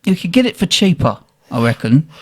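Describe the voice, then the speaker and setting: Man, podcast co-host, lively swooping voice, slightly high, laughing storyteller. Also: brisk. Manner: animated, laughing, acts out quotes. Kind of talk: casual storytelling chat.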